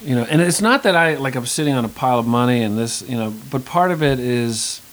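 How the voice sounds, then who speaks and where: A man's voice: medium pitch, expressive, brisk, slight background noise, low-quality recording. A man in his fifties, an actor, talking casually in an interview, rambling with lots of restarts and asides. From United States. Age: 50s. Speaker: actor guest.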